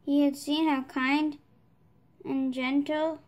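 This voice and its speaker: A woman reading a children's storybook aloud, steady, with small restarts. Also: high-pitched, slow pace. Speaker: storybook reader.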